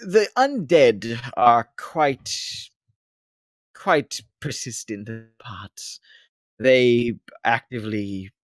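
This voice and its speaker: A man with a mid-range voice plays a tabletop NPC, a former slave who grew rich and came to own slaves himself. The character rambles formally in an affected British accent. There's no room sound on the recording.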